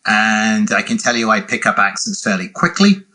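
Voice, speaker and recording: Older British man with a rounded-out accent; husky, bright and low-ish; measured podcast guest. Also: lively intonation. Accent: British, softened West Country and Midlands, some North American. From England. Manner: measured, self-deprecating, explanatory. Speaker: guest, sales consultant. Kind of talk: podcast interview.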